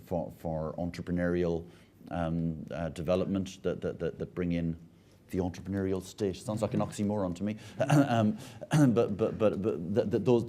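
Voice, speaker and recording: A man's voice: low-pitched, mellow. An Irish man speaking on a conference panel, often stumbling and repeating words as he restarts his sentences. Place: conference stage.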